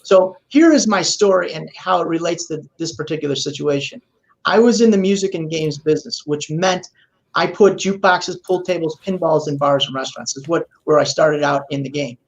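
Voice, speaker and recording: A man as a podcast guest, explaining in a relaxed way and telling a long story in which he acts out the voices of the people he quotes. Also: fairly high pitch, a little fast, gravelly, lo-fi sound. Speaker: guest expert.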